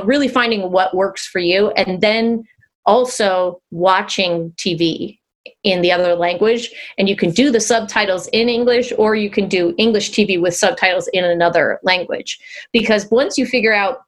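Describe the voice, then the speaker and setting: A woman chatting as a podcast guest, talking loosely with restarts and frequent laughter. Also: mid-range voice. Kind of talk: casual chat.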